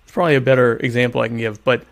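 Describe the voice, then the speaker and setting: Gravelly-voiced man, joking ramble. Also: mid-range voice, rapid-fire. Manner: joking, rambling, deadpan irony about being quiet. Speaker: vlogger answering viewer questions. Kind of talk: casual comedic chat. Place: at home eating dinner.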